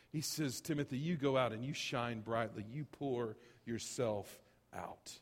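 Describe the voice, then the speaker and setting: A man preaching a sermon as pastor, animated and rising to loud emphatic bursts. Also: medium pitch, a little slow, big-room sound.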